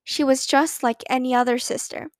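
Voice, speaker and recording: A woman narrating a children's book aloud in a warm, expressive storytelling manner. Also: sits high, moderate pace, dry recording, studio quality.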